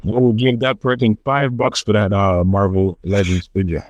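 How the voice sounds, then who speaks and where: A man hosting a podcast in casual chat, steering between segments and teasing the others with quick reactions. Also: lowish voice, little pitch movement, no echo, muffled recording. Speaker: podcast host.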